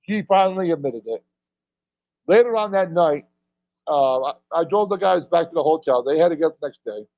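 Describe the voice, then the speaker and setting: Middle-aged male wrestler guest, rambling storyteller, slightly high voice, dry dull audio. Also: expressive, fairly quick, vocal fry. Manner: rambling storyteller, chuckles between lines. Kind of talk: casual anecdote telling.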